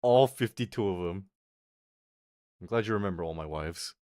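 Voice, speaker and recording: A male streamer talks in a fairly low voice, trading crude, self-mocking jokes with his chat and laughing often. The sound is dry, with no room echo. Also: moderate pace, mellow. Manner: chats back to viewers' comments. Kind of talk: casual live-stream chat.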